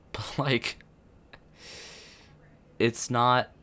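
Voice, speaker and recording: A man's voice: medium pitch, steady tone, extremely slow, sharp tone, clear, resonant tone. A young man giving unscripted commentary on a video game update, rambling with many fillers and restarts. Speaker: gaming youtuber.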